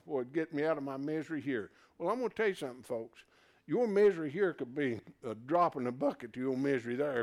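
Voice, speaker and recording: A man preaching a sermon to a live congregation. He moves from loud, emphatic declarations to quiet, low asides and calls his listeners folks.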